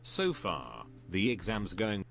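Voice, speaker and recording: A man's synthetic text-to-speech voice reading stories aloud in an even, steady way. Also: low voice, takes it slowly, gravelly. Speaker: story reader.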